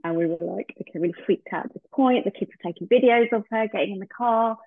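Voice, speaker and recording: A woman's voice: medium pitch, fast, no echo. A woman, a podcast guest, telling a heartfelt personal story and acting out the remembered dialogue. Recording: tinny phone-like line, dry.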